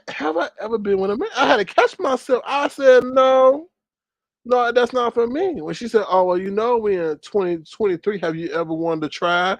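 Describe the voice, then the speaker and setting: A man's voice: sits high, moderate pace, no room sound. A man telling a story in casual commentary, gossipy, with dramatic exclamations. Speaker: commentary vlogger.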